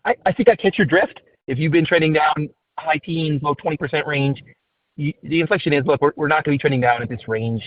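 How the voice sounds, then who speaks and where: A man's voice: a little high, a little fast, no room sound. A man, an analyst calling in to an earnings call, asking precise multi-part questions. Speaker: analyst caller. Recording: dry tinny phone line.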